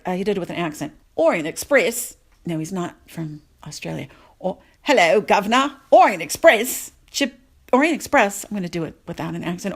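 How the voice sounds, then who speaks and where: A woman spinning a casual, rambling story in a mid-pitched voice. She talks loosely, with plenty of fillers and asides. Nothing about her delivery is formal or scripted. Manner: chatty, rambling, full of fillers. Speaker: podcast segment contributor.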